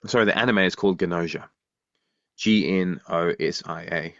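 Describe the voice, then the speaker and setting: A man with a low-pitched voice talks casually as a podcast co-host, often restarting his sentences and throwing questions back. The sound is a bit muffled and lo-fi, with very little room around it. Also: moderate pace, a bit bright, no room sound. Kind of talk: casual chat.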